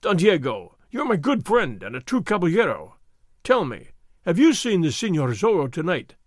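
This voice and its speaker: Brief: narrator doing a swaggering army sergeant, loud and pushy, voice swinging up and down. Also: male voice, fairly high pitch, wildly swooping pitch, moderate pace, no echo, clean studio sound. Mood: blustering. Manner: loud, blustering, threatening. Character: blustering male soldier sergeant, loud and bullying. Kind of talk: audiobook character reading.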